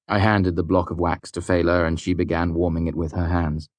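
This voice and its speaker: A man reads a novel aloud with calm, steady pacing. His voice is very low and sits close and dry on the mic, with no room sound. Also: fairly quick, dry recording. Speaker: audiobook narrator. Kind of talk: scripted narration.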